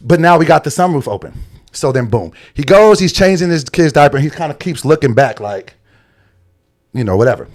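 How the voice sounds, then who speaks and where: A young adult man spins a story in casual chat. He acts out quotes in other people's voices and laughs often. His voice sits a little higher than most men's. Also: animated, fairly quick. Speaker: podcast co-host.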